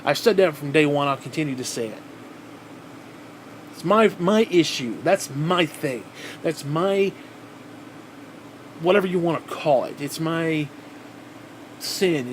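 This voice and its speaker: A man's voice: on the high side, expressive, a little slow, pauses often, a little hiss or hum. A man ranting angrily to his viewers, swearing constantly and restarting his sentences as he goes. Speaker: vlogger. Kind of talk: angry profane rant to camera.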